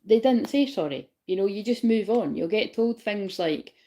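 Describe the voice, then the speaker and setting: In a warm, expressive, medium-pitched voice at normal speed, a woman rambles casually through a spiritual reading for her viewers. Laughter punctuates her talk, she curses freely, and she repeatedly asks if they get what she means.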